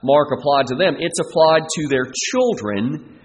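A man preaching an expository sermon, emphatic and measured, often restarting his phrases. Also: on the high side, expressive. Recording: long reverb with faint noise.

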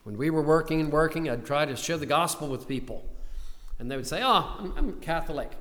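A man's voice: a little high, brisk, fairly bright tone. An older man preaching a sermon, retelling scripture in a storytelling way and pressing hard on key lines. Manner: storytelling, rising to urgent emphasis in quoted pleas. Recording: long hall reverb.

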